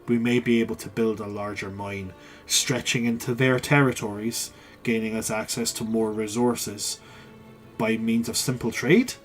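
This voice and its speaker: A man's voice: fairly low pitch, little pitch movement, moderate pace, soft background music, voice pushed down, natural voice. A man voicing an earnest young male ruler who halts and seeks approval. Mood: measured.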